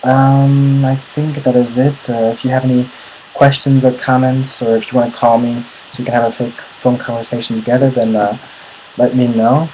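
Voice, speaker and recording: A young American man chats to camera in a hesitant, nervous way. His pitch sits in a middling range and barely moves, giving a flat, even delivery. The recording sounds dull and lo-fi, with a faint hiss underneath. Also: moderate pace. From United States. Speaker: vlogger. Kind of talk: casual talk to camera.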